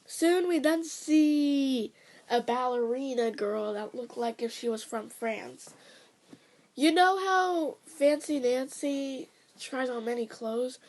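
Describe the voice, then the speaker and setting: A woman's voice: high-pitched, lively intonation, slow, darkish tone. A woman casually retelling a cartoon episode, rambling and self-correcting, with chatty asides. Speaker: storyteller.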